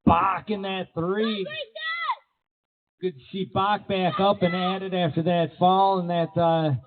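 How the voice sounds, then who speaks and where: A man announcing races live at an outdoor BMX track, with energetic play-by-play full of rider nicknames. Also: high-pitched, slow, background noise. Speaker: race announcer. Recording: tinny, phone-like sound.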